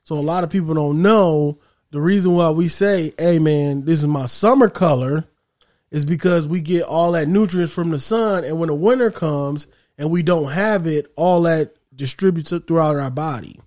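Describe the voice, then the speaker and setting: A young man talking in a casual group chat, animated and rambling, with slangy speech. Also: a little high, normal speed.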